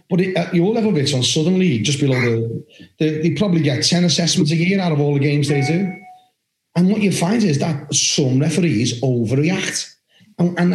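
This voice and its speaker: A blunt man talks on a podcast, firing off rants and swearing without a second thought. His voice sits a touch high. The recording carries a noticeable room echo. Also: darkish tone. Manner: blunt, ranting, swears freely. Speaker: podcast host, former referee coach. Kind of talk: casual podcast chat.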